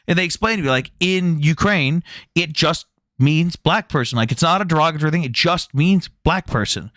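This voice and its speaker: A man's voice: fairly high pitch, expressive, normal speed, bright, forceful tone, no echo, studio quality. A man hosting a casual livestream chat, telling stories animatedly and mimicking other people's voices. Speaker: livestream debate host.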